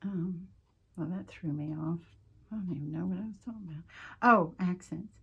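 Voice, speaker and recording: A woman with a Southern American accent chatting casually as she crafts, homey and prone to drifting off topic, with a slightly husky voice and frequent throat-clearing. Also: on the low side, moderate pace, highs cut off. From Southern United States. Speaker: crafting channel host. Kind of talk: casual craft-along chat.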